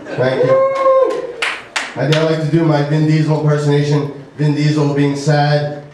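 Rambling male stand-up with a high voice. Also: monotone, noisy background. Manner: rambling, halting, with many fillers. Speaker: stand-up comic. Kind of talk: stand-up set. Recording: echoey room from far off.

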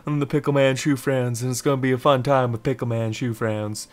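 A man's voice: mid-range voice, fairly even intonation, brisk. A man giving casual, rambling let's-play commentary over a game, giggling and repeating a silly catchphrase. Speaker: gameplay commentator.

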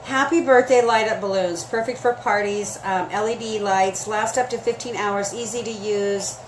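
A woman's voice: medium pitch, steady tone, normal speed. A woman hosting a chatty live sale stream, gushing and emotional as she talks straight to her viewers, her throat scratchy and dry.

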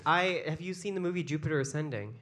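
A man's voice: fairly high pitch, fast, fairly bright tone. A man on a comedic podcast who reacts with incredulity and riffs on absurd premises, often laughing as he talks. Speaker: podcast co-host.

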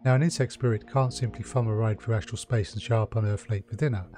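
A man's voice: on the low side, fairly even intonation, quick pace, mellow, natural voice. Flamboyant, mocking male elf in a video game, lecturing theatrically, read by a man.

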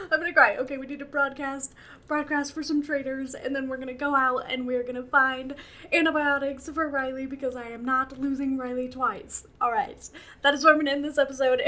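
Here the gaming channel host speaks in a high-pitched, slightly bright voice. This young woman narrates her play let's-play style, often laughing, getting emotional, and addressing the characters on screen.

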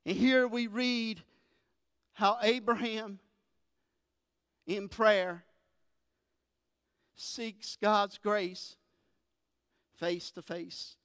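A woman pastor preaching a sermon and reading scripture with expressive emphasis, in a church sanctuary with a few people present. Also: mid-range voice, extremely slow, long pauses, no echo, studio quality, big-room sound. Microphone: filmed for an online service.

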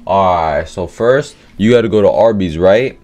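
A man's voice: low voice, moderate pace, dark tone, a little hiss or hum. A man giving casual, profane gameplay commentary, full of slang and trash talk as he plays. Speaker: gaming YouTuber.

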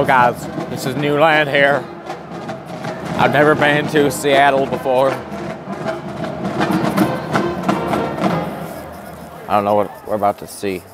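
A man playing a loud, crude, excitable hillbilly vlogger who swings between yelling and muttering. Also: medium pitch, voice pushed up, natural voice. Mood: excited. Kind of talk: comedic character vlog.

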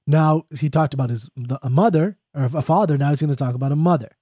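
A man giving a casual spoken lecture on a poem, thinking aloud in a conversational way and reading verse lines slowly. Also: a little high, warm tone, slightly rough, no room sound, clean studio sound. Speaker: poetry explainer.

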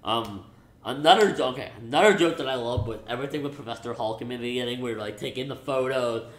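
A young man giving a casual, excitable movie review, rambling with many restarts and fillers. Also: medium pitch, fast talker. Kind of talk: casual spoiler review vlog. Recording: echoey room.

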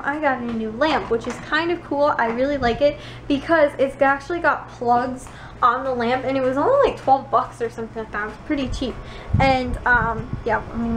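A teenage girl from the Chicago suburbs vlogs at home in a bright, high voice. She rambles casually, fills her sentences with little fillers and giggles, and keeps things loose and chatty. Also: noisy background. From Chicago suburbs, USA. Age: late teens. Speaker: vlogger. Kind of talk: casual vlog chat.

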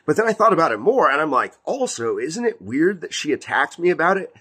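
A man's voice: on the high side, big pitch swings, brisk, sharp tone, slightly rough. A man in his thirties giving a casual spoken testimony as a Christian video host, rambling with many fillers like "like" and "you know". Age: 30s.

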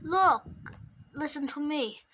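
A woman voicing a defensive little robot, protesting its innocence in slow, stiff phrases. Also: high-pitched, expressive, a bit bright, pitched above the performer's own voice, full character voice.

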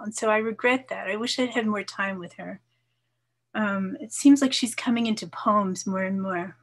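An older woman in her seventies reads her own poems in a measured, expressive voice of middling pitch. Some lines drop soft and low. Between poems she chats casually with her listeners. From New York, USA. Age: 70s. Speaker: poet. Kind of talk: poetry reading with casual asides.

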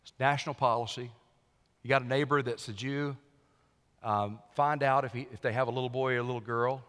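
Preaching pastor in a reverberant church hall. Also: male voice, steady tone, fairly quick, clear, resonant tone. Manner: preaching with wide swings in loudness, dropping low and quiet for emphasis. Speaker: senior pastor. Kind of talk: sermon. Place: church sanctuary.

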